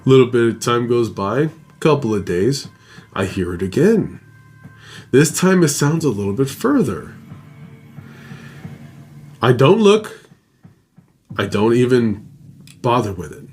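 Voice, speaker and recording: A man's voice: mid-range voice, sing-song, measured pace, pauses often, a little mellow, breathy edge, soft background music. A man hosting a show, reading a listener's ghost story aloud in a casual, dramatic way with his own asides. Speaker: host.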